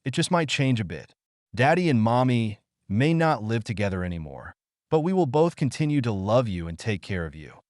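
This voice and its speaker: A man voicing a heartbroken father who speaks softly and painfully to his young daughters in an audio story. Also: medium pitch, sing-song, moderate pace, no room sound, clean studio sound, natural voice. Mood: pained, gentle. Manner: soft and pained.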